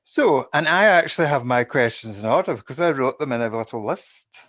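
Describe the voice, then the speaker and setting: A man co-hosting a gaming podcast in a loose, rambling way. He laughs easily and keeps the chat casual, with a pitch sitting in the ordinary middle range. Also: lively intonation, brisk, a bit bright. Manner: laughs often, chatty and rambling. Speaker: podcast co-host.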